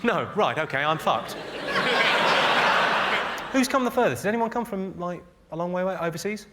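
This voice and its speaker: A man with a fairly high voice works the room in a deadpan, teasing stand-up roast. He speaks into a stage mic in a live theatre, with loud laughter from the audience behind him. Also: moderate pace, heavy background noise. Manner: deadpan, teasing crowd work. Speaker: stand-up comedian.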